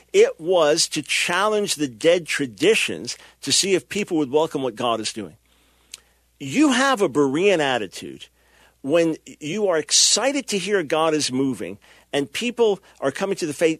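A man's voice: a little high, fairly bright tone, no echo, studio quality. Impassioned man preaching on talk radio. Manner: impassioned, emphatic, acts out quoted people. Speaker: radio talk show host.

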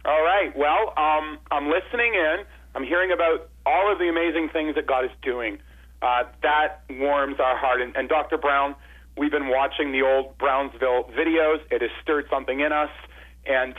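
A hesitant man speaks over a thin, tinny telephone line, his voice a little husky and slightly higher than most men's. He stumbles and restarts as he works his way to a question. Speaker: caller. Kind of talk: calling in a question.

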